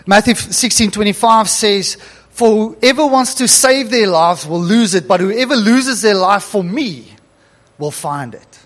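A middle-aged man with a high voice delivers a sermon, animated and given to chuckling between scripture readings. The sound carries a long reverb from a church hall. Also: measured pace. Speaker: preacher.

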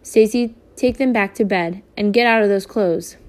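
A woman's voice: mid-range voice, normal speed, a little mellow, close to an everyday voice. A woman voicing an anxious, determined mother of a farm family, urgent and worried. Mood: firm.

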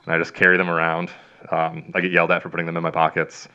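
Talking fast in a low, sharp, clear, resonant voice with a completely flat delivery, a veterinarian guest rambles through long stories in a casual interview. He uses many fillers and performs other people's lines. The recording sounds dull and lo-fi.

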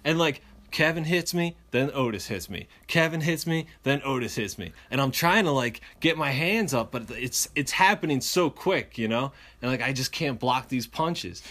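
Man, casual storyteller, animated, acts out the lines he quotes. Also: mid-range voice, normal speed, hardly any pauses.

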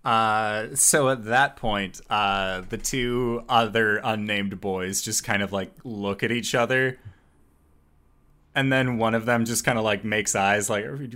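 A man narrating a tabletop role-playing game as game master, with a relaxed manner and frequent fillers. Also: fairly low pitch, slow, smooth.

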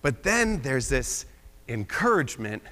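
A man's voice: mid-range voice, sing-song, a little slow, sharp tone. A young man from Pennsylvania giving a casual, self-deprecating sermon with bits of humor as a guest preacher. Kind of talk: conversational sermon. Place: church sanctuary. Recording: long reverb of a large hall.

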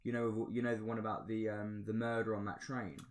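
A man's voice: on the low side, little pitch movement, fairly quick. A man co-hosting a casual film podcast, easygoing and agreeable, often saying um. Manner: easygoing, agreeable, lots of ums. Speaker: podcast co-host. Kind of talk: casual chat.

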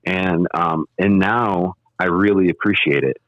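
Low-voiced man telling rambling stories. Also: unhurried, no echo. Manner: rambling anecdotes with lively acted-out quotes. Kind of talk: casual chat. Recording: dull lo-fi audio.

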